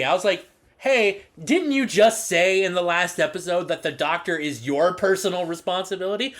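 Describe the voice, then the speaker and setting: Male podcast co-host, high-pitched and animated, swears freely while recapping. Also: moderate pace. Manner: profane, animated, mocking quotes in high put-on voices. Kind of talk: casual recap chat.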